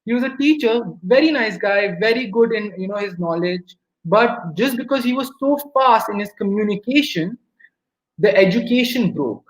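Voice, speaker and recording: A man with an Indian English accent giving a lively talk on communication at a webinar, acting out everyday scenes as he goes. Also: sits high, normal speed. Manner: lively storyteller, acts out quotes. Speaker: webinar speaker. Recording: roomy echo.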